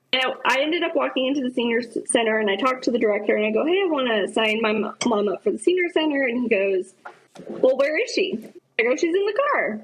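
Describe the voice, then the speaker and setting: Husky high-voiced woman telling stories. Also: poor audio. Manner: animated, acts out quoted dialogue. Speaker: podcast guest. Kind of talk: anecdotal storytelling. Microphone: remote podcast call.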